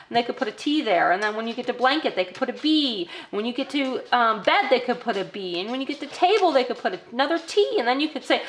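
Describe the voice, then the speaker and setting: Mom type teaching a preschool game, raised pitch, bit of fry, sing-songy kid voice at times, faint hiss behind. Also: female voice, very animated, quick pace, few pauses. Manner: switches to exaggerated sing-song child-directed talk. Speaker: teacher demonstrating a toddler activity. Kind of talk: instructional demo for parents.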